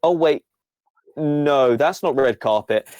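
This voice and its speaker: A man's voice: a little high, takes it slowly, darkish tone, dry recording, muffled recording. A man narrating a tabletop game as game master, with a rambling, playful delivery full of fillers.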